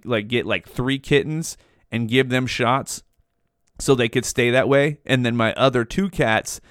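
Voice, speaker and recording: A young man hosts a podcast in a casual, rambling monologue, swearing often and saying "dude" constantly. His medium-pitched voice is a bit bright, recorded in studio quality with no echo.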